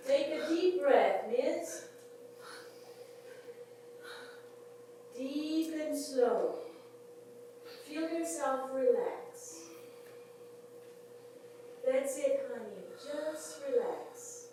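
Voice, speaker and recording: A patient caretaker with a fairly high voice who talks slow and calming, as an actress plays her. The voice rings through a very echoey stage, picked up from a distance with faint ambient noise. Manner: slow, soothing, calls people honey. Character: soothing woman caretaker, patient and gentle. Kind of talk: stage play performance.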